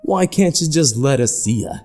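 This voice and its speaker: A man voicing a gruff, impatient police captain who talks bluntly and demandingly. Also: mid-range voice, animated, normal speed, a little mellow, soft background music, pitched above the performer's own voice, natural voice. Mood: pressing. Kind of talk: horror story narration voice acting.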